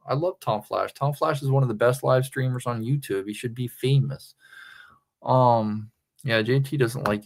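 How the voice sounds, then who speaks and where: A man's voice: medium pitch, vocal fry. A man hosting a livestream in a casual rant, profane and confrontational, hammering his points by repeating them. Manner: repeats phrases for emphasis. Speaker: livestream host.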